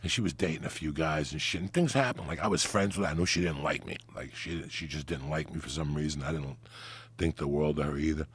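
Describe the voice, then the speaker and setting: A man's voice: very deep voice, fast, slightly rough. A middle-aged man, telling a crude comic story on a podcast in a profane, rambling way. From New Jersey. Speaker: podcast guest.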